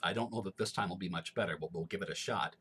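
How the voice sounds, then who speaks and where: A man from Missouri with a low, somewhat husky voice, speaking in General American broadcast diction. He talks through an accent tag at an easy, measured pace, with the careful pronunciation of a former radio announcer. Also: fairly bright tone. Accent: General American broadcast, Missouri roots. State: allergies, throat clearing. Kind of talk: casual accent tag monologue.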